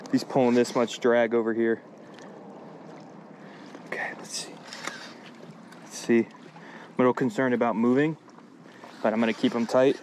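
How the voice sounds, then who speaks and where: Excited man fighting a fish outdoors. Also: medium pitch, brisk, a little hiss or hum. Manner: talks to viewers while fighting a fish, repeats himself. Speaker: fishing vlogger. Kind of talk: excited live commentary. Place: outdoors at a lake.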